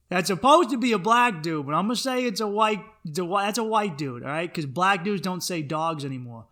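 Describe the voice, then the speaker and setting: A man's voice: sits high, a little fast, hardly any pauses. A young man, telling a comic story on his podcast and acting out the other people in it. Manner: animated, acts out other people's voices in his stories. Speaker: podcast host. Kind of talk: comedic storytelling monologue.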